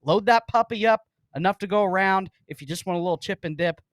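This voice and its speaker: A slightly high-pitched man talking sports with his co-hosts. His delivery is loose and rambling, full of restarts. The sound is dry and close. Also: fast talker, no echo. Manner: rambling, food comparisons, restarts. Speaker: co-host. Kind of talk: casual sports talk.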